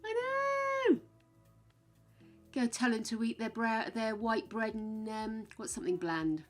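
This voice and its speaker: A woman's voice: on the high side, fairly even intonation, moderate pace, over music. A woman chatting casually with her stream viewers, frank and chatty, swearing now and then. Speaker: game streamer.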